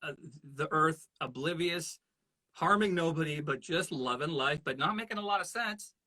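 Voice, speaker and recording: Man, voice actor guest, animated storyteller, bright tone, casual interview chat. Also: fairly high pitch, normal speed.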